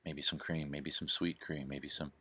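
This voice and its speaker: A man impersonating a soft-spoken, gentle male TV painter, talking slow and hushed into a laptop mic at home. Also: rumbling low, level tone, slightly rough, pitched below the performer's own voice, heavily acted. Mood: soothing. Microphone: laptop microphone, leaning in close.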